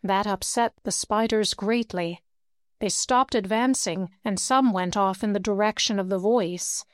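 Woman audiobook narrator, smooth clear voice, close and dry recording. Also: mid-range voice, measured pace, no room sound. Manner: steady storytelling, lifts her voice for dialogue. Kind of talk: audiobook reading.

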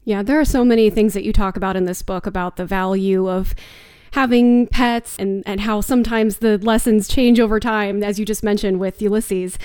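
A woman hosting a public radio interview, asking friendly, measured questions. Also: mid-range voice, steady tone, a little mellow, clean tone, dry recording, studio quality.

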